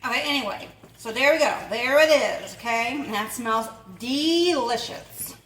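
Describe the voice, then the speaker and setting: A woman's voice: on the high side, normal speed, fairly bright tone, far from the mic. A woman hosting a casual home cooking vlog, chatty and rambling, often laughing. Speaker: home cook and channel host. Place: home kitchen. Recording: echoey room, voice off-mic, faint noise.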